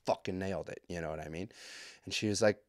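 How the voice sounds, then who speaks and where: A man's voice: deep voice, fast, a little mellow, dry recording, studio quality. A man in his thirties hosting a podcast, telling stories in a loose, profane, self-mocking chat. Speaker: podcast host. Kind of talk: casual solo podcast monologue.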